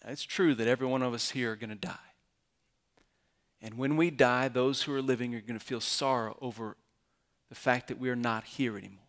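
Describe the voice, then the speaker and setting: A man's voice: mid-range voice, steady tone, a little fast. A man, a pastor giving a sermon in an earnest storytelling way that builds to emphatic climaxes.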